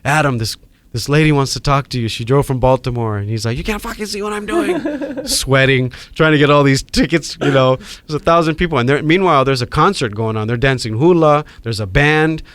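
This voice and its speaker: A middle-aged man, a podcast guest telling a story in casual, animated chat and acting out the people in it. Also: mid-range voice, fairly quick, smooth, no room sound. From Hawaii. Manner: animated, acts out quoted voices.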